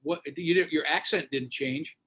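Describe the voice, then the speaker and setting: Animated storytelling radio host. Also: male voice, on the high side, moderate pace, husky. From United States. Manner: animated, acts out quoted voices. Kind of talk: casual storytelling. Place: Florida.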